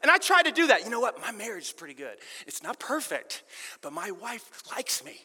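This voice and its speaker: A fired-up middle-aged male pastor with a high, bright voice preaching on a stage microphone. His sermon rings through a large hall with a long reverb tail. He swings between emphatic loud lines and soft, confiding asides, and pokes fun at himself. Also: a little fast, husky. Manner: animated, self-deprecating, shifts between loud emphasis and quiet intimacy. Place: church auditorium with live audience.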